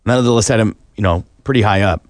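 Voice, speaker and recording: A man's voice: lowish voice, quick pace, dry recording. A man co-hosting a podcast, chatting in a wry, teasing way and swearing casually. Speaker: podcast co-host. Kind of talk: casual chat.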